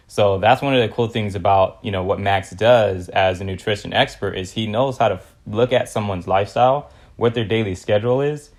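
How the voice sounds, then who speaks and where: A man's voice: fairly low pitch, brisk, few pauses. A young man from California hosting a casual podcast interview, laid-back and slangy with lots of fillers. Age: young adult. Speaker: podcast host.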